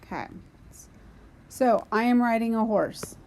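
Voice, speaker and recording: A woman's voice: on the high side, unhurried, darkish tone. A woman teaching a recorded grammar lesson, patiently explaining and talking to herself as she writes on a board. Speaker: Spanish teacher.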